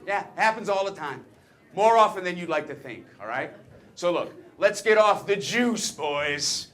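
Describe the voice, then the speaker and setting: A man's voice: high-pitched, expressive, a little slow, fairly bright tone. A man performing a stage comedy monologue as a brash, chatty talking penis, teasing the audience with cocky patter. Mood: wisecracking.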